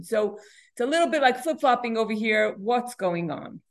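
A woman's voice: on the high side, normal speed. Woman teaching a Torah lesson. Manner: explanatory, asks and answers her own questions; frequent restarts and repeated words.

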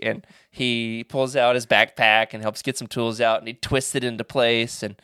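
A man's voice: medium pitch, normal speed, few pauses, smooth, dry recording, studio quality. A man co-hosting a casual podcast, rambling through stories with restarts and acting out the people in them. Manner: rambling anecdotes with restarts and animated quoted voices. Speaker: podcast co-host. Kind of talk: casual chat.

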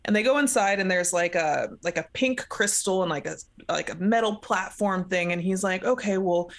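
A woman's voice: medium pitch, normal speed. A woman in casual chat, animatedly retelling a book's plot, acting out the characters' lines and laughing often. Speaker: podcast co-host recapping a book.

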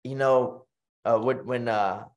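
A man's voice: mid-range voice, slow pace. A man with a Texan accent talks as a podcast guest in a mid-range voice. He tells personal stories with energy, acts out the voices of people around him, and often stops and restarts his sentences. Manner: animated storytelling, acts out quoted voices, frequent fillers and restarts. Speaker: podcast guest, retired boxer. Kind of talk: storytelling in casual conversation.

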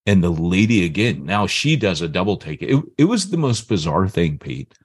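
A man's voice: sits low, moderate pace, slightly rough, no room sound, clean studio sound. A man in his fifties, a podcast co-host, casually telling a story and acting out the people in it. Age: 50s. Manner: animated, acts out the voices in his story.

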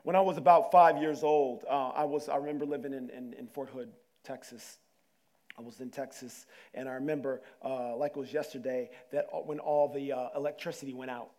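A man preaching a sermon. He tells personal stories with lively, colloquial phrasing and repeats his words for emphasis. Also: medium pitch, brisk. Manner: animated storyteller with dialect and repeated words. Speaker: pastor.

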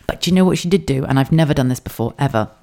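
A woman's voice: extremely low pitch, expressive, rapid-fire, dark tone. A woman with an English accent hosting a casual solo podcast from a home office, chatty and laughing, swearing freely. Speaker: podcast host.

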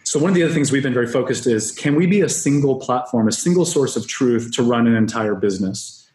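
A man as a software company guest on a podcast, upbeat business talk with frequent restarts. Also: mid-range voice, quick pace. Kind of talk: podcast interview. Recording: roomy echo.

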